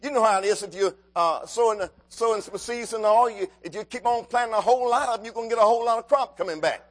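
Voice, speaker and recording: A preacher with a very high voice delivers a sermon to his congregation. He swings between quiet stretches and loud, emphatic bursts, calling out to the room to respond. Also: fast talker. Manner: calls out to the congregation, rising and falling emphasis.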